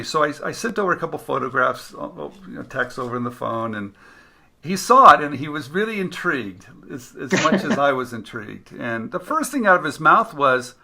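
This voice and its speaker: Lively, gravelly-voiced man telling a story. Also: a little high, moderate pace. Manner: animated storyteller acting out quoted dialogue. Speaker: host and interviewer. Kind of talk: casual interview chat.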